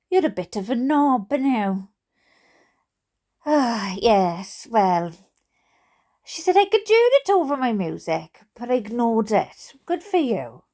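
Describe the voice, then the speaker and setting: A Welsh woman reads funny stories aloud and breaks off into chatty, giggly asides. Her high voice leaps up and down as she reacts with mock indignation. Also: a little mellow. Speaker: storyteller reading viewer stories.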